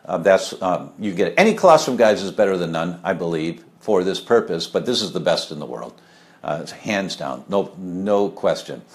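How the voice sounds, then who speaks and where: Middle-aged man, animated pitch, chatty, rambling, lots of fillers, live casual talk. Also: normal speed. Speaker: health speaker answering viewer questions.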